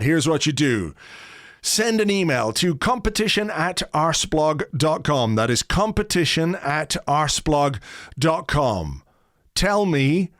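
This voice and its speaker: A male podcast host reading out links and sign-offs in a chatty, jokey way, spelling things out slowly. His voice sits a bit high for a man and sounds close and dry. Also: no echo.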